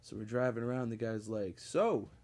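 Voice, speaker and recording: A man hosts a podcast and spins long personal stories in a casual, meandering way. He swears freely and leans on plenty of ums and uhs. His voice sits at an ordinary middle pitch. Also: normal speed, darkish tone, slight background noise. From Connecticut. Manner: profane, rambling, with frequent fillers and laughs. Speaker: podcast host. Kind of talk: casual storytelling monologue.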